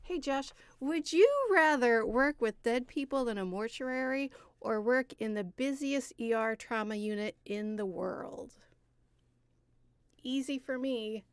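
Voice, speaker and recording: A woman co-hosting a casual podcast chat, playful and quick to laugh. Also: on the high side, clean tone, no room sound. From Illinois. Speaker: podcast co-host.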